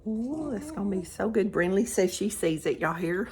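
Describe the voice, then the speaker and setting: An older woman with a drawl chats her way through a home cooking vlog, speaking to viewers as though they were sitting right there with her. She takes her time and lets her words stretch out unhurried. Her pitch sits in an ordinary middle range for a woman. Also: animated, a little mellow, husky. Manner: chatty, talks straight to viewers, eats on camera.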